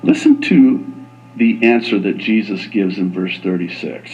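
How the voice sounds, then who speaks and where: A man preaching a sermon as a pastor, animated and slipping into quoted voices. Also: fairly low pitch, a little slow, lo-fi sound.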